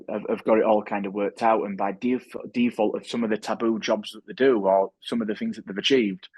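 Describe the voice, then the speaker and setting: A man's voice: fairly low pitch, a little mellow, breathy edge, no echo. A man speaking as a podcast guest and author, talking earnestly and often restarting his sentences. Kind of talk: reflective interview talk.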